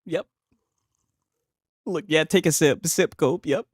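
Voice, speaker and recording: A man hosting a stream, reacting to clips with loud, laughing, profane mockery. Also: a little high, slow pace, slightly rough, dry recording, studio quality. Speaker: livestream host reacting to clips. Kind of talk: casual reaction commentary.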